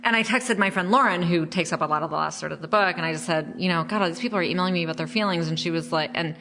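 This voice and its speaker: Chatty low-voiced woman. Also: rapid-fire, fairly bright tone, a little hiss or hum. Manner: chatty, self-deprecating, many fillers. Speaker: memoir author, podcast guest. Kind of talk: casual interview chat.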